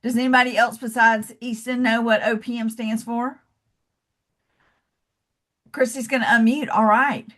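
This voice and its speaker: This Southern-accented woman speaks in a fairly high, fairly bright voice with a flat delivery, a moderate pace, and frequent pauses. She's coaching over a video call in a casual webinar, chatty and encouraging, addressing listeners as "y'all" and "love."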